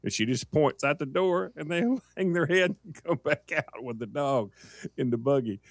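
A man's voice: fairly high pitch, normal speed, a little hiss or hum. A man co-hosting a morning radio show, telling a story and acting out the people in it. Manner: animated storyteller who acts out voices.

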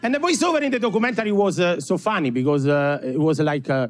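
A man's voice: high-pitched, normal speed, long pauses, a faint crowd. Man, strong Italian accent, stand-up comedy, self-mocking, handheld stage mic, faint room noise. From Italy. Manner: animated, self-mocking, chuckles between punchlines. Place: comedy club stage with live audience.

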